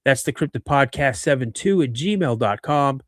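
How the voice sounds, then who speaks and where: A man hosting a podcast, telling a story in an animated way with frequent restarts and asides. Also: mid-range voice, normal speed. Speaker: podcast host.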